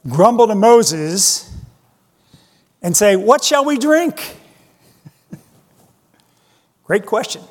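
Slow-preaching man with a high voice. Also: long reverb tail. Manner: slow, emphatic preaching with rhetorical questions. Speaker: pastor. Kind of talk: sermon.

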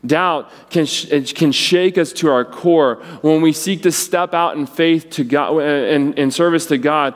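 A man preaching a sermon, acting out the quoted voices with wide swings in pitch. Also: measured pace, hardly any pauses, long reverb tail. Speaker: pastor.

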